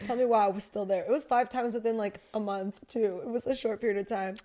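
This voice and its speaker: A young woman co-hosting a casual podcast chat, candid and expressive, laughing as she tells dating stories. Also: medium pitch, fast talker. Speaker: podcast co-host.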